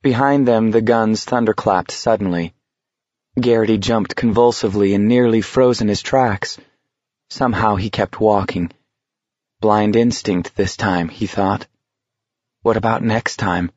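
A man reading a novel aloud in steady, measured scripted narration. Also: on the low side, no echo, muffled recording. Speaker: audiobook narrator.

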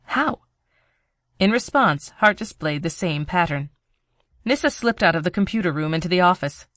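Crisp, bright audiobook narrator, steady thriller read, dry close mic. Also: medium pitch, fairly quick, no echo.

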